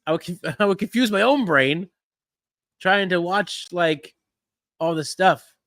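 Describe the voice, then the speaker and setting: A man's voice: sits high, animated, unhurried, a bit bright, dry recording. A man hosting a casual wrestling-watch live stream, rambling with frequent restarts and easy chuckles. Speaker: podcast host.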